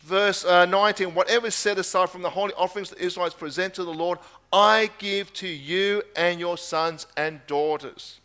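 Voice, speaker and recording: A man's voice: high-pitched, fairly even intonation, moderate pace, bright, forceful tone, clear, resonant tone. A man preaching a sermon, reading scripture aloud and driving home key phrases by repeating them.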